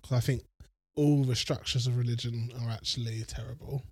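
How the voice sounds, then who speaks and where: A man's voice: medium pitch, steady tone, a little fast, slightly rough, no echo. Sweary man, dry close sound. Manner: rambling, sweary, self-mocking. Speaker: podcast co-host. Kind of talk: casual chat.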